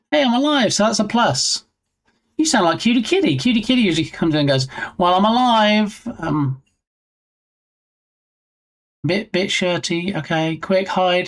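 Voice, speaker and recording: A man hosting a casual game development live stream, reading chat aloud with rambling, dry, self-mocking asides. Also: fairly high pitch.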